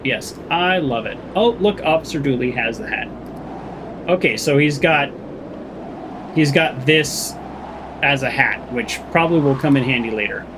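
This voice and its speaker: A man's voice: medium pitch, background noise. A man commentating a game playthrough, joking and rambling, and reading the characters' lines aloud in playful voices. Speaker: let's play host.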